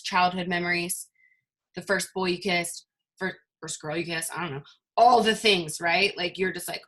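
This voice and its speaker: Woman, team leader, motivational talk, chatty, rhetorical questions, video call, bright tone. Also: lowish voice.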